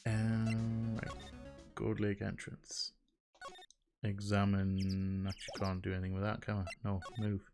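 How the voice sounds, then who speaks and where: A young man with a low voice gives casual commentary on a game he's playing, thinking aloud and muttering to himself. Faint game music runs in the background. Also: completely flat delivery, unhurried, vocal fry. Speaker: let's play host.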